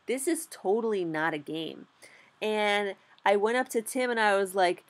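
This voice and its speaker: With a mid-range voice and a moderate pace, a young woman recaps her early days as a stock trader in a laid-back vlog. She's candid and animated, dropping "like" constantly and swearing plenty.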